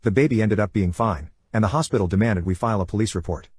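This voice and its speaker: A man narrates internet stories at a quick, even clip. His voice sits low with a breathy, husky edge. The sound is dry and close, with no room around it. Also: dry recording.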